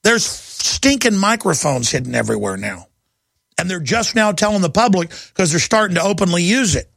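A man's voice: high-pitched, sing-song, normal speed, gravelly, fairly bright tone, dry recording. A middle-aged man hosting a talk radio show, ranting fervently in a rising, impassioned monologue.

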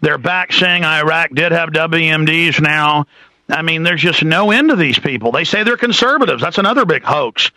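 A man hosting a call-in radio talk show, brisk and emphatic, at times sarcastic. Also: on the high side, bright, forceful tone, no echo, rough recording.

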